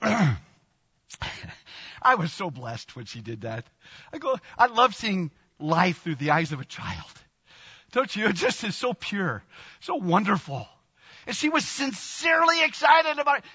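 A man in his sixties preaching a sermon in a church, animated, laughing often and bursting into exclamations. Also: high-pitched, slightly rough. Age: 60s. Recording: long reverb, dull lo-fi sound.

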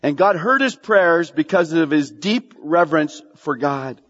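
In an unhurried, fairly high voice, a male pastor gives an animated sermon, echoing key phrases for emphasis and questioning the congregation. A long hall reverb hangs over the dull-sounding recording.

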